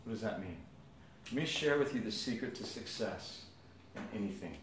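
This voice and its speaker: A man in his thirties preaching a sermon, telling family stories with big swings from hushed to loud. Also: lowish voice, animated, moderate pace, echoey room, slight background noise. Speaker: pastor. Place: church.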